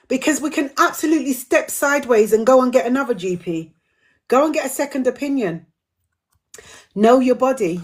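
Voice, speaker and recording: Emphatic woman, higher voice, live chat. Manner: earnest, emphatic, repeats points for stress. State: dry throat, voice going. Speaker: host of a community live drop-in. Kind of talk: casual live-stream talk.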